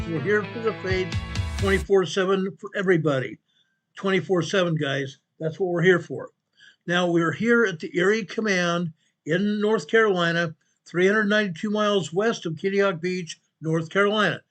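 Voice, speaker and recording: A man hosting a casual emergency news show, energetic and repetitive, often calling the viewers "guys". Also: high-pitched. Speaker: host and company president.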